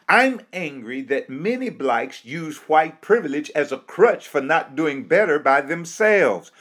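A man's voice: on the high side, fairly bright tone. An American man giving an impassioned, sermon-like speech. He builds it on a repeated refrain and rhetorical questions. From United States.

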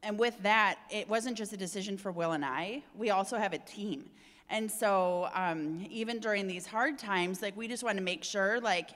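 A woman's voice: medium pitch, normal speed, fairly bright tone, big-room sound. A woman guest in an interview, talking candidly and chattily with many fillers. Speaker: real estate agent, interview guest. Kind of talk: casual interview talk.

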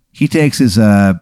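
A man narrates a comic tabletop game, his voice rising and falling animatedly. He sits low in pitch and speaks on a dry, close mic. He plays for laughs with crude asides. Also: no echo. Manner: animated storytelling with crude humor. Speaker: game master.

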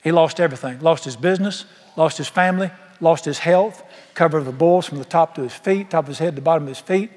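A male pastor delivers a sermon in a folksy, emphatic way, peppering the congregation with rhetorical questions. His voice sits high for a man. The sound carries a long reverb from a large church auditorium. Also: quick pace, hardly any pauses, a little mellow.

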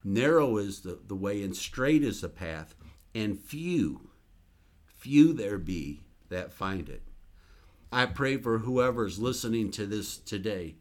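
A man's voice: fairly low pitch, animated, takes it slowly. A man who is a minister, sharing a religious testimony in an earnest, emphatic storytelling manner.

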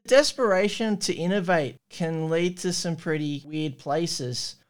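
Smooth-voiced Australian man hosting. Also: on the high side. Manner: measured, thoughtful, poses questions to guest. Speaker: podcast host. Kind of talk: casual conversational commentary.

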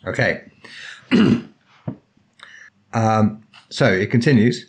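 A man with an English accent hosting an interview, measured and often restarting phrases. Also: medium pitch, lively intonation. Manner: measured, restarts phrases, reads translations aloud carefully. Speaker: podcast host. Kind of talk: conversational interview.

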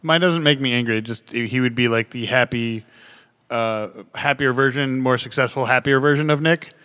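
A man's voice: mid-range voice, normal speed, pushed and bright, smooth, in a large hall. A man hosting a podcast in casual chat, laid-back and joking. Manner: laid-back, joking, says he ruined his voice. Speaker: podcast host.

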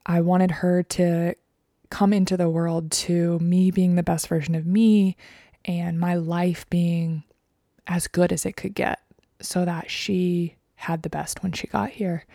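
Woman podcast host in her 30s, heartfelt and soft-spoken, lowish voice, dry close mic. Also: dry recording. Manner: earnest and emotional, often soft and breathy. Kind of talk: personal podcast monologue.

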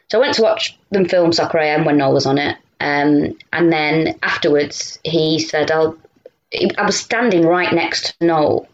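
A woman's voice: on the low side, fairly even intonation, fast. Chatty Mancunian woman, lo-fi audio. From Manchester, England. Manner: chatty storyteller, many fillers and restarts. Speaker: comedian guest. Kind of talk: casual interview chat.

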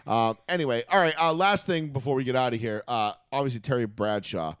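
A man's voice: medium pitch, brisk, a bit bright, clear, resonant tone, no room sound, clean studio sound. A man co-hosting a casual sports podcast, ranting and cursing, often breaking into laughter. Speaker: podcast co-host.

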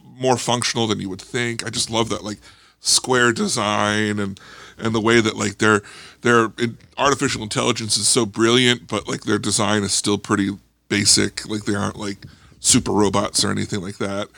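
Gravelly, bright-toned young-sounding man. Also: on the low side, level tone, moderate pace, no echo. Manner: enthusiastic, full of fillers. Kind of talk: casual movie review chat.

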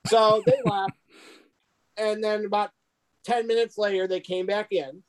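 A man's voice: high-pitched, fairly even intonation, measured pace, smooth. A man co-hosting a podcast, telling a sarcastic, mocking story about a rude customer. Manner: sarcastic, mocking retail-job anecdote. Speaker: podcast co-host. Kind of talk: casual storytelling.

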